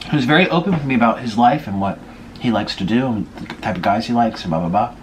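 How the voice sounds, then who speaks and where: A man's voice: medium pitch, fast talker, a little hiss or hum. A young man vlogging casually, gossiping to his viewers while he eats. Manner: gossipy, chatty, eating while talking. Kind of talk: casual mukbang chat.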